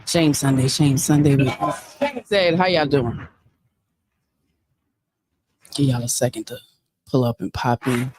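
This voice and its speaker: A woman's voice: rumbling low, slow, pauses often, a little hiss or hum. A woman hosting a casual livestream, preachy and emphatic, who repeats her points. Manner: animated, preachy, emphatic repetition. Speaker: livestream host.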